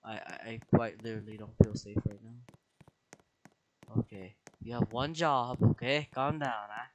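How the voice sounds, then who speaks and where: A young man giving casual let's play commentary, excitable, with dramatic outbursts, squeals and slang. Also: mid-range voice, a little slow, slight background noise, poor audio. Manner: slang-heavy casual talk. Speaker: gaming video creator.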